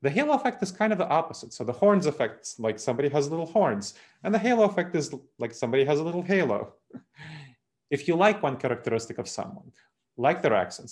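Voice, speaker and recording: Male keynote speaker, middle-pitched, animated and emphatic delivery. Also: fast talker. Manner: animated, emphatic, with light laughs and asides. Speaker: speaker on unconscious bias. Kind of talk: presentation talk.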